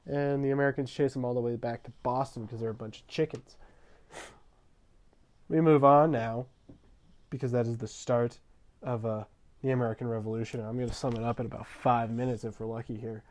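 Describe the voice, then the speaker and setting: A man's voice: mid-range voice, fast talker. Jokey young man narrating history. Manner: jokey, slangy, deadpan asides. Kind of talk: comedic history narration over gameplay.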